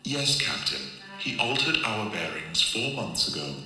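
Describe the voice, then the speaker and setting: Guy as a clipped ship computer, slow and lowish, super echoey with music underneath. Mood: robotic. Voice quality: flat, clipped machine replies. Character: male starship computer voice.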